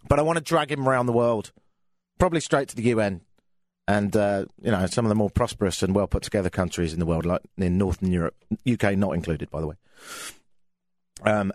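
A man's voice: fairly low pitch, brisk, no room sound, studio quality. An English man hosting a live radio show, chatting casually with a sardonic, jokey tone and lots of fillers. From England. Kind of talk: casual comedic radio monologue.

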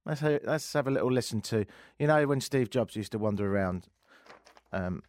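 A man hosting a talk radio show, ranting sarcastically with lively asides from a studio microphone. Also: mid-range voice, normal speed. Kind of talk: opinionated talk radio monologue.

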